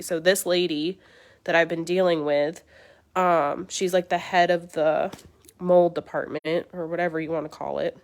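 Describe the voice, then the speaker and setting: A woman's voice: on the low side, fairly even intonation, moderate pace. A young woman, congested and sore-throated, chatting to viewers in a casual livestream update and venting her frustration. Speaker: beauty livestream host.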